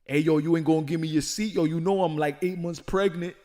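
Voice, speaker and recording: A man's voice: a little high, steady tone, brisk, mellow, lightly acted. A man voicing a slangy guy complaining about being pregnant, saying yo and man a lot. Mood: joking. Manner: slangy, calls everyone man and yo.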